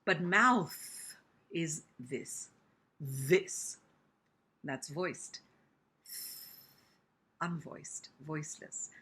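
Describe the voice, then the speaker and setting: A woman speech teacher from India giving a pronunciation lesson, speaking slowly and deliberately and demonstrating each sound with exaggerated articulation. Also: sits low, pushed and bright, breathy edge.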